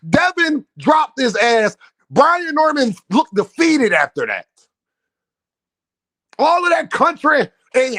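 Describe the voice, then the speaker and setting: Brash, high, animated male stream host. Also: no echo, studio quality. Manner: brash, profane, mocking, teasing. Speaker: boxing livestream host. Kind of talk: heated livestream rant at viewers.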